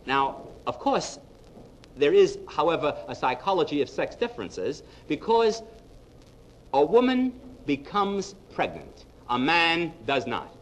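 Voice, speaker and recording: A man's voice: fairly high pitch, unhurried, slight background noise, poor audio. A man giving a humorous lecture on psychology to a live audience, telling jokes and speaking to the audience directly. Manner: lively storyteller, punchline-driven, addresses the audience directly.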